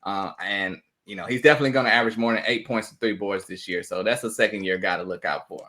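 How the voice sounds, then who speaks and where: A man guesting on a sports podcast in a casual chat, easygoing and quick to laugh. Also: fairly low pitch, sharp tone.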